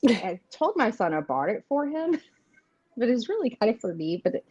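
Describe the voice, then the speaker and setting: Woman in her thirties, easygoing giggly live-stream host, lively pitch, muffled lo-fi audio. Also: moderate pace, husky. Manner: laughs often, chatty and rambling. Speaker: host of live tarot readings. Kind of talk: casual live-stream chat.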